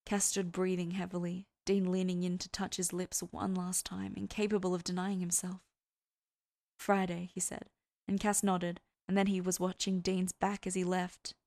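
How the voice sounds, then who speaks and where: A woman who hosts a podcast, narrating fan fiction in a soft, even storytelling way. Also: lowish voice, normal speed. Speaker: podcast host and reader.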